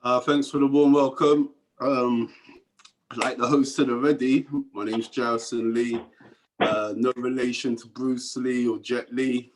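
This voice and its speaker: A stand-up comedian with a Cockney accent does a rambling set over a video call, dropping into mumbled asides and chuckling at his own jokes. His medium-pitched voice is flat and a little slow, against a noisy background.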